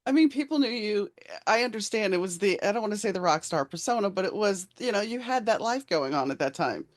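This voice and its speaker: A woman's voice: mid-range voice, lively intonation, fast talker. A woman in her fifties from Louisiana, hosting a casual interview in a friendly, conversational way. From Louisiana, USA. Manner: friendly, conversational, chiming in with agreement. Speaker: podcast host.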